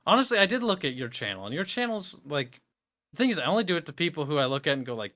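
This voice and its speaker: A man with a Midwestern accent chats as an interview guest. His voice sits a little high, and he talks in an animated, blunt way, breaking into laughter and swearing freely. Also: quick pace. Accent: American Midwestern. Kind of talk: casual interview chat.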